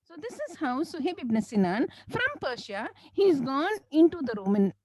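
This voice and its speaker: A woman from South India, telling a religious story as a lecturer in an animated way, often saying "you know" and devotional phrases. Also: sits high, normal speed, rough recording. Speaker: Islamic lecturer.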